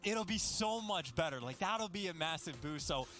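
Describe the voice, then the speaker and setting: A man with an American accent doing esports commentary, quick play-by-play mixed with chatty banter. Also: fairly high pitch, animated, sharp tone, soft background music. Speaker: esports caster.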